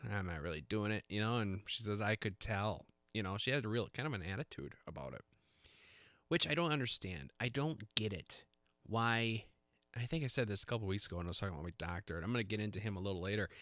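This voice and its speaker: Man, podcast host, casual rambling chat, self-deprecating, lowish voice, dry close sound. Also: fairly bright tone, no room sound. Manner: rambling, self-deprecating, lots of fillers and restarts.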